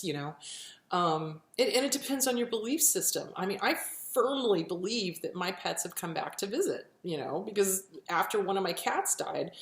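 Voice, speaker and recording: Earnest woman in an echoey room. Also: mid-range voice. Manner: earnest, reassuring, repeats phrases for emphasis. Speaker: pet grief speaker. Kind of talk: casual heartfelt advice.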